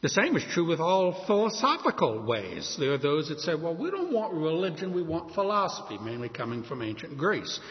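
A man's voice: on the high side, very animated, moderate pace, hardly any pauses. A man preaching a sermon, emphatic, acting out back-and-forth exchanges with doubters. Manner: emphatic, acts out quoted exchanges. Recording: dull lo-fi sound with long hall reverb.

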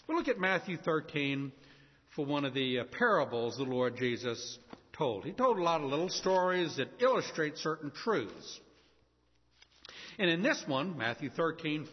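A preacher tells a story in his sermon, voicing each character for the congregation. His voice is fairly high with a breathy edge, and the lo-fi recording carries the long reverb of a church hall.

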